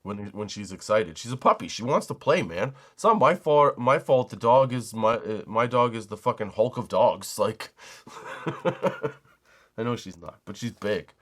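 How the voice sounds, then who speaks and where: A man's voice: fairly low pitch, expressive, a little slow. A middle-aged man hosting a comedy podcast, telling stories in a loose, profane rant, laughing at his own jokes and acting out the people he quotes. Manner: acts out quoted people in raised voices. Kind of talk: casual comedic storytelling monologue.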